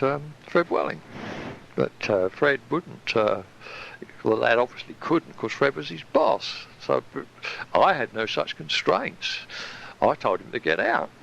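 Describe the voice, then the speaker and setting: A man recounting his past in a recorded reminiscence, animated and casually swearing. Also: medium pitch, gravelly, muffled recording, slight background noise.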